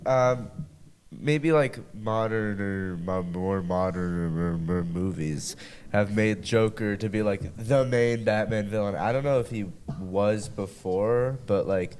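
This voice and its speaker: A man's voice: lowish voice, slow pace, darkish tone, a little hiss or hum. A man co-hosting a movie podcast, joking around and trailing off as he gathers his thoughts. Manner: joking, hesitant. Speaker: podcast co-host. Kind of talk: casual chat.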